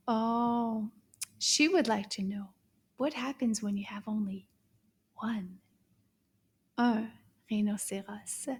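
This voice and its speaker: Slow, encouraging woman teaching French to kids. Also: fairly high pitch, fairly even intonation, husky. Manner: cheerful, slow and encouraging, praising often. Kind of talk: children's language lesson.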